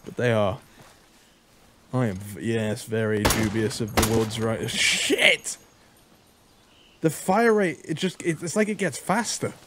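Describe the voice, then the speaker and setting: A man giving excitable gameplay commentary, joking and exclaiming as he plays. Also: fairly low pitch, normal speed, background noise. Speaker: gaming YouTuber.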